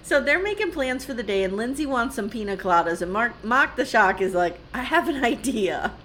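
Female podcast co-host, casual recap chat, blunt and profane, quick laughs, animated higher voice. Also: a little hiss or hum. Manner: blunt, swears, laughs often.

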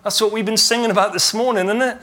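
A male pastor with a high, bright voice delivers a sermon. He tells the story vividly, slipping into imagined conversations as he goes. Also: quick pace. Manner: animated storytelling, acts out imagined dialogue.

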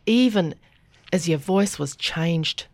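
An Australian woman hosting a podcast in casual chat, bubbly and gushing, quick to laugh. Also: on the low side, lively intonation, no echo. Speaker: podcast host.

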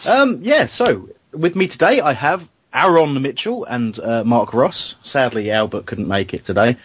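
A man's voice: medium pitch, lively intonation, measured pace, husky, no echo. A man hosting a casual football fan podcast, chatty and self-deprecating, with frequent restarts. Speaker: podcast host. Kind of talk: casual fan radio chat. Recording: dull lo-fi home recording.

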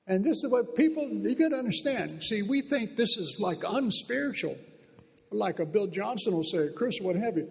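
A man's voice: high-pitched, animated, moderate pace, creaky. A man preaching a sermon into a microphone, emphatic and fervent, with repeated declarations. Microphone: handheld microphone. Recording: echoey hall reverb.

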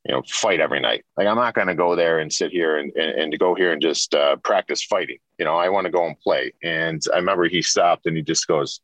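A man's voice: rumbling low, fast, few pauses, fairly bright tone, no room sound. A man in his forties, a former pro hockey player, telling long rambling stories in a casual interview, full of restarts and repeats.

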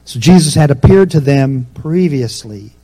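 A man preaching a sermon in a conversational, storytelling way, with asides to the congregation, rising in pitch and force to stress a point. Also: lively intonation, moderate pace, dark tone. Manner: rises in pitch and force for emphasis.

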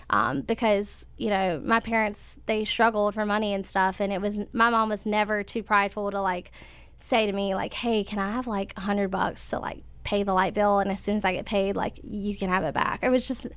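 A woman's voice: medium pitch, steady tone, a little fast, a bit bright, smooth, no room sound. A young woman, telling a personal story in casual conversation, full of fillers and little laughs. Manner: chatty, many fillers, laughs while telling.

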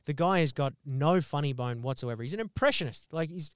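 A young Australian man co-hosts a podcast, telling sweary stories with sarcastic, animated energy. His voice is smooth and clear, pitched a little high for a man. It's recorded close and dry, with no room sound. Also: fairly quick, no echo. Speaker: podcast co-host. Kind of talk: casual chat, storytelling.

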